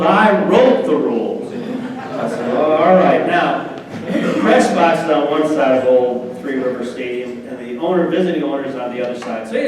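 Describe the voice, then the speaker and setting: A middle-aged man telling sports anecdotes as a guest speaker at a club meeting, acting out the voices of the people in his stories. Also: medium pitch. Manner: animated anecdotes, acts out quoted voices. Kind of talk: after-dinner storytelling. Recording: echoey hall, distant mic, faint noise.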